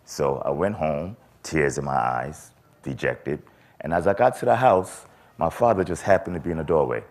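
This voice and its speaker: A man with an extremely deep, low voice speaks from a convention stage. He tells a story in an animated way, acting out the voices of the people in it. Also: normal speed. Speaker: conference speaker. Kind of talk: storytelling talk.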